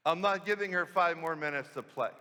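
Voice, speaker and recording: A priest telling it as a tired, loving father, earnest and heartfelt, with a bright, forward tone. His voice carries a long reverb through a large church. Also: on the high side, a little fast. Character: tired devoted father, middle-aged man.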